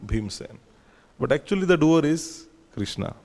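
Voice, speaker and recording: A man leads a scripture class, his voice sitting a little high as he retells old stories. He talks with fillers and restarts. The sound carries a long reverb from a temple hall. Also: animated, a little slow, vocal fry, a little mellow. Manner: storytelling, with frequent fillers and restarts.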